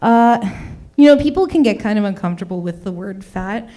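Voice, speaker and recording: A woman's voice: mid-range voice, animated, brisk, dark tone. A young woman doing an open mic stand-up set in a small comedy venue, rambling and self-mocking as she chats with the crowd. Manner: keeps saying "oh my goodness". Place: small comedy venue in front of a live audience.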